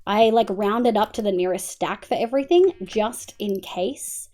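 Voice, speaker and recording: An Australian woman streaming a game, chatting casually with viewers, swearing and thanking them by name, sometimes mumbling quietly and sometimes bursting out loud. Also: mid-range voice, a little slow. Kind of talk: casual live-stream chat while gaming.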